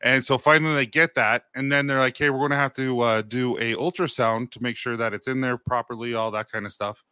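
A man in his thirties co-hosting a podcast, speaking candidly and poking fun at himself. His voice is bright and forceful at a middle pitch. It is recorded dry and close. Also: steady tone, a little fast, smooth, no echo. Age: 30s. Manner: candid, self-deprecating storyteller. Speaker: podcast co-host. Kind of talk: casual storytelling chat.

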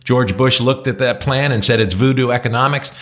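A man's voice: mid-range voice, fairly quick. Blunt, opinionated middle-aged man. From New Jersey. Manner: blunt, opinionated, swears freely. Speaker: podcast co-host. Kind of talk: casual chat.

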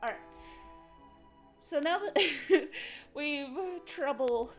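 A woman's voice: sits high, expressive, slow, faint music behind. A young woman co-hosting a podcast in casual chat, teasing and blunt, swearing freely. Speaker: podcast co-host.

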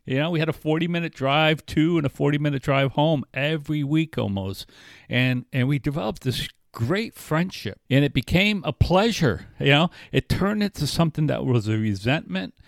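A man's voice: a little high, lively intonation, moderate pace, vocal fry, dry recording, studio quality. A man telling a story in casual chat, often circling back and restarting his sentences. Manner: rambling, frequent restarts and filler.

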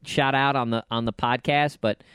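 A man's voice: medium pitch, fairly even intonation, moderate pace, fairly bright tone, clear, resonant tone, no echo, studio quality. A man hosting a podcast, talking in a casual, rambling, joking way. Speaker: podcast host.

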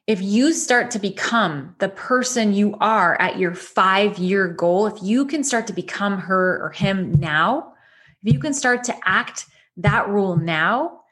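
A woman's voice: medium pitch, a bit bright. A woman coach leading a goal-setting lesson, talking directly and encouragingly with many rhetorical questions.

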